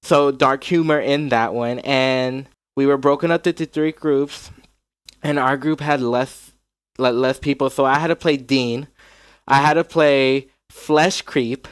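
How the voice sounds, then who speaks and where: A man's voice: medium pitch, fairly even intonation, a little slow, clean tone, no echo. A man from North Carolina chatting casually, rambling with lots of likes and restarts. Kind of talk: casual podcast chat.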